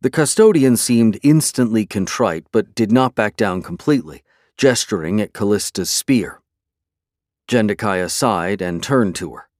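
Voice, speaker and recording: A man narrating a fantasy novel in a steady, measured storytelling manner. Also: lowish voice, dry recording, clean studio sound. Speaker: audiobook narrator.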